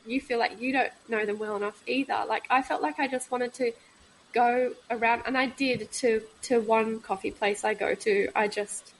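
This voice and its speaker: A woman in her thirties talks frankly as a podcast guest, a little high in pitch. She pauses often and fills the gaps with soft ums. A faint hiss sits under her voice. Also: fairly even intonation, poor audio. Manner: halting, frank, many pauses and fillers. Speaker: guest, midwife. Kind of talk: candid podcast conversation.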